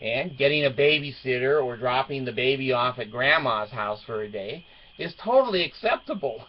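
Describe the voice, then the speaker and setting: A man's voice: medium pitch, animated, normal speed, slight background noise. A middle-aged father telling a family story as a casual monologue, wry and joking, chuckling as he goes. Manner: wry and joking, chuckles through his stories. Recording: dull lo-fi recording.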